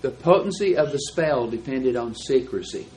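A man teaching a Bible class, explaining verses and reading them out slowly and deliberately. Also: mid-range voice, lively intonation, darkish tone, a little hiss or hum, rough recording.

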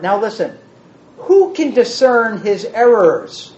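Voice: medium pitch, expressive, a little slow, a little mellow. Preacher teaching from the pulpit, lots of rhetorical questions, echoey room, kinda muffled. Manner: asks the listeners many rhetorical questions; plays with word meanings in a teacherly way. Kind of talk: sermon teaching on a psalm. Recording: dull roomy sound from a hall.

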